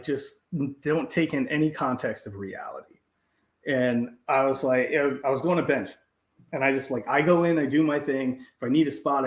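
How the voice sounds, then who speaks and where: A podcast co-host chats casually and tells stories, acting out quotes and swearing freely. His voice is medium-pitched, and the sound is roomy.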